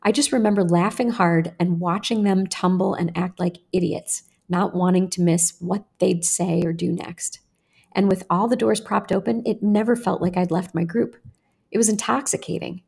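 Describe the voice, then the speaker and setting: A woman podcast host reading her own personal essay aloud in a measured, earnest way. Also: lowish voice, fairly even intonation, vocal fry, a little mellow, slightly rough.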